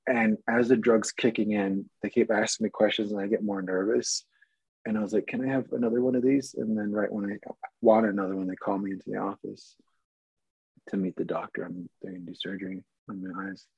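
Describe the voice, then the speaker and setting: A man's voice: fairly low pitch, flat delivery, fairly quick, vocal fry, darkish tone, husky, no echo, lo-fi sound. A man who works as an actor, telling a story in a rambling, amused way with many restarts and fillers. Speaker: actor guest. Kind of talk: casual storytelling.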